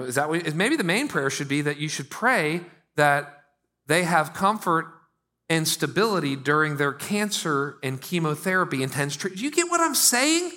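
A male pastor in middle age delivers a sermon like a conversation. His tone is bright and a bit high for a man. He swings from hushed asides to louder, animated stretches.

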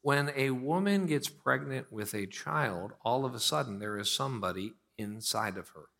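A pastor from Pittsburgh, in his thirties, preaches with a medium-pitched, creaky voice and lively intonation. Loud, emphatic stretches give way to slow, quiet moments throughout.

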